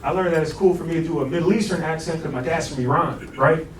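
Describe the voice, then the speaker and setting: A man's voice: a little high, fast talker, distant mic, a little hiss or hum. A young man doing a stand-up set in a comedy club, talking loose and brash with a lot of slang and swearing. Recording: roomy club sound, laughing crowd. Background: audience laughter.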